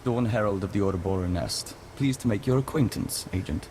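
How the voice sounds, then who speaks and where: A calm, formal diplomat from a video game who has joined an insect hive and always speaks as "we", voiced by a man. The voice sits fairly low and unhurried. A faint hiss runs under the game audio. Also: natural voice. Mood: measured. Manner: formal, measured, speaks of himself as "we". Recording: game audio with background noise.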